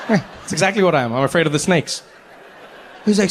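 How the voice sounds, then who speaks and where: A man doing stand-up storytelling, animated, acting out voices and laughing through his lines. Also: fairly high pitch, a little slow, pauses often, long reverb tail, slight background noise. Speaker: stand-up comedian.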